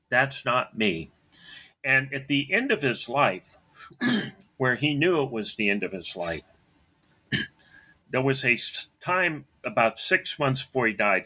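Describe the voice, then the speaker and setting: A man telling a personal story about his father in an earnest way, often clearing his throat and acting out both sides of their talks. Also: mid-range voice, pushed and bright.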